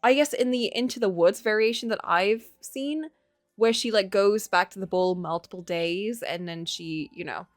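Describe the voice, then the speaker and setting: A woman's voice: mid-range voice, moderate pace, dry recording, clean studio sound. A woman streaming a game live, reading its text aloud and chatting casually, laughing and gasping as she reacts. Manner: lively, chatty, laughs often, reacts with gasps.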